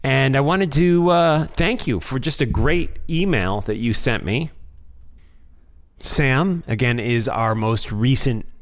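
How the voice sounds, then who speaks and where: Chatty American man hosting a podcast. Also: medium pitch. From United States. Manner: rambling, self-deprecating, chatty. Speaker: podcast host. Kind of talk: casual chat.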